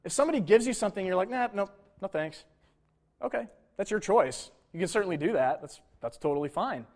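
Man, pastor, sermon, conversational, casual asides, slightly high voice. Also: lively intonation. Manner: conversational preaching with asides and quick impressions.

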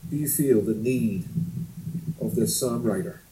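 A man's voice: medium pitch, measured pace, dark tone, poor audio. A man in his thirties preaching a sermon, telling stories and asking earnest rhetorical questions.

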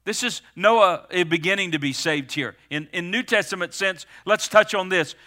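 A middle-aged man preaching a sermon as pastor, stressing words with slowed, emphatic pauses. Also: high-pitched, pushed and bright.

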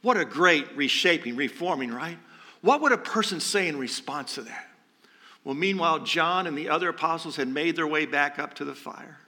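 A male pastor preaches in a conversational style, posing rhetorical questions and slipping in light jokes. His fairly high voice sounds pushed and bright, with lively intonation at a normal speed.

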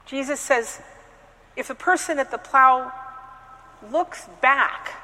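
A woman's voice: sits high, takes it slowly, sharp tone. Woman preaching in an echoey church. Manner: conversational, with hesitant restarts. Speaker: priest. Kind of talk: sermon.

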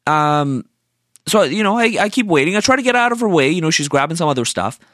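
A man's voice: fairly high pitch, very animated, quick pace, a bit bright, no room sound, clean studio sound. A young man telling a story in a casual rant, exasperated, swearing and sarcastic.

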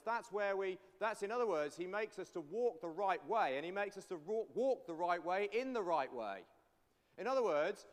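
A man leading a church congregation through a psalm, coaxing them to repeat lines after him. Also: sits high. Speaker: pastor. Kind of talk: interactive sermon teaching a psalm. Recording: long church reverb.

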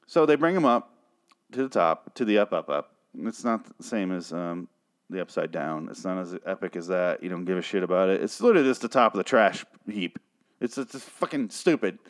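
A man's voice: sits low, animated, fairly quick. Swearing, irritated man ranting a recap. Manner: irritated, swears often, restarts sentences. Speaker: TV episode recapper.

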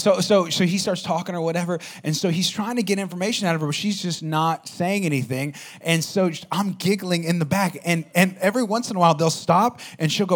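Lively storytelling preacher man. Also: a little high, brisk. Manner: animated storytelling, talks straight to the audience. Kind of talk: sermon with a personal story.

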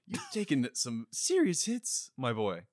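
A man's voice: mid-range voice, wildly swooping pitch, unhurried, darkish tone, dry recording, studio quality. A man voicing a fussy, doting doctor who frets over his patient and calls him "my boy".

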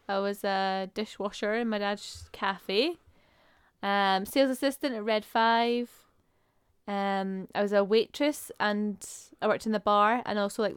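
A woman co-hosting a podcast chats easily, reeling off a list with small fillers in between. Her voice is smooth and clear, and the recording is dry and close. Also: medium pitch, no room sound. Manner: chatty, listing with fillers. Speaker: podcast co-host. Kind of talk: casual chat.

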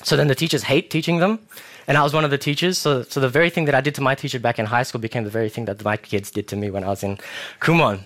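A young man delivers a relaxed, conversational sermon in a voice of ordinary middle pitch. He tells stories with self-mocking humor and lively asides. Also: racing. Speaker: preacher. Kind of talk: casual sermon.

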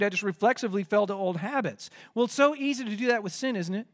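A man's voice: high-pitched, fast. A man preaching a sermon as pastor, asking the listeners rhetorical questions and pressing his points with rising force.

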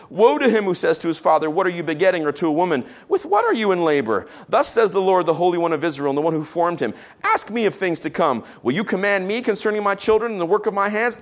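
A man preaching a sermon, reading scripture with rising emphasis and dropping into casual, quiet asides. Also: high voice. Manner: casual asides with fillers between solemn readings.

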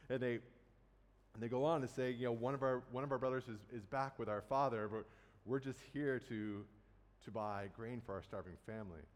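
A man's voice: mid-range voice, brisk. Man preaching in a reverberant hall. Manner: conversational, acts out quotes casually. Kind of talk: sermon retelling a Bible story.

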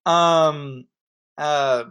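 A man in casual podcast chat. He rambles through his thoughts in an animated way and laughs easily with his co-hosts. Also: a little high, very slow, clear, resonant tone. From Australia. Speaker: podcast co-host.

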